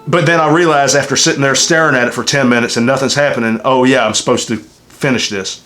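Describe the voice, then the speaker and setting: A man's voice: medium pitch, steady tone, fast, fairly bright tone, faint music behind. A man with a Southern US accent hosting a casual game review chat, rambling, emotional and swearing constantly. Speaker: channel host reviewing a game. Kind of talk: casual unscripted review chat, heavy profanity.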